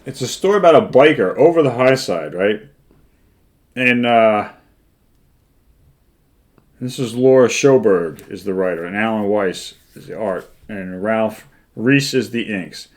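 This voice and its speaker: A man's voice: on the low side, lively intonation, measured pace, long pauses. An older man co-hosting a casual comic book chat, retelling a story in a rambling, chuckling way. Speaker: co-host.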